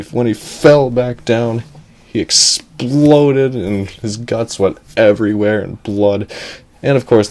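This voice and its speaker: A man telling an improvised story in a rambling, excitable way, often chuckling. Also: on the low side.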